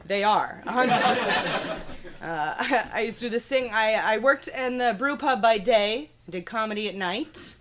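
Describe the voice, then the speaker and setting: A woman's voice: fairly high pitch, animated, a little slow, a bit bright, a faint crowd. A young woman doing a stand-up comedy set on a small studio stage, brash and profane, laughing at her own jokes. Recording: live audience clearly audible.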